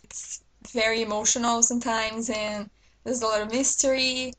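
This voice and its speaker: A woman's voice: on the high side, flat delivery, normal speed, fairly bright tone, rough recording. A woman vlogger chatting casually to her viewers about new books, enthusiastic and talkative. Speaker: book vlogger. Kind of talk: casual book haul chat to camera.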